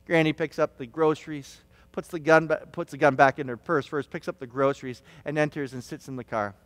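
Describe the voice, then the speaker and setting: A man preaching a sermon as pastor, telling stories with restarts and stammers, sometimes shouting quoted lines. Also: on the high side, steady tone, fairly quick, no room sound, in a large hall. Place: church hall.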